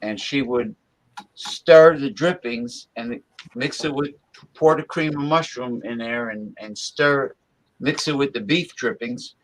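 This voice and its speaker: Laid-back guy chatting on a podcast, mid pitch, repeats himself a lot. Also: slow, slight background noise, poor audio. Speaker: podcast co-host. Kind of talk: casual chat.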